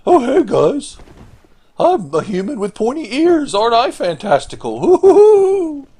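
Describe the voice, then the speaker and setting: A man's voice: extremely high pitch, huge pitch swings, measured pace, warm tone, husky, voice pushed up, heavily acted. A man voicing a smug, preening pointy-eared fantasy man with a hooting, sing-song voice.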